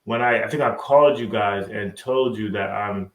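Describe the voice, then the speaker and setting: A young man hosting a casual interview with his parents, soft-spoken and halting. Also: on the low side, echoey room, low-quality recording.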